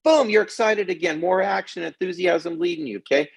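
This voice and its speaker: A middle-aged man giving an energetic motivational talk to kids as a confidence coach, often checking in with "okay?". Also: high voice, fairly quick, creaky, husky.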